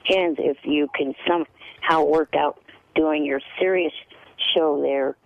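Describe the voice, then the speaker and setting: Hesitant man with a gravelly tinny voice. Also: fairly high pitch, steady tone. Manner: hesitant, halting. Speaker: guest. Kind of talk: casual radio conversation.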